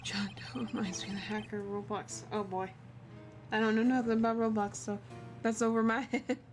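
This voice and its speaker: A woman's voice: a little high, little pitch movement, moderate pace, over music. A woman streamer giving chatty, giggly commentary while playing a game. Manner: giggly, chatty, laughs often.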